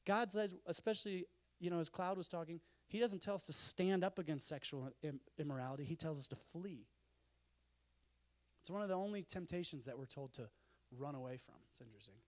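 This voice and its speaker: A man speaking at a conference in an animated, conversational sermon style with jokey asides. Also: a little high, a little fast.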